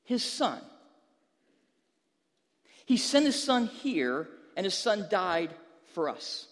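A man's voice: sits high, sing-song, slow, pauses often, a bit bright, in a large hall. A male pastor preaching a sermon, telling a humorous story and then pressing an emphatic question to the listeners.

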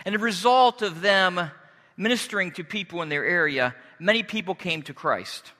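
Pastor guy preaching slow and earnest, highish bright voice. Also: long reverb tail. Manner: earnest, deliberate preaching with pauses and restarts. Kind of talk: sermon.

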